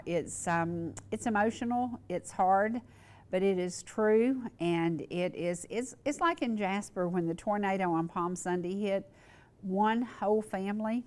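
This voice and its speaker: A woman's voice: medium pitch, darkish tone. A woman hosting a local talk show, speaking earnestly and repeating words for emphasis.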